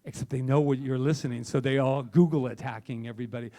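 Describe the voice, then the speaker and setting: A man's voice: medium pitch, quick pace, hardly any pauses. A male minister preaching a passionate, conversational sermon to his congregation. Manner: impassioned, conversational, animated.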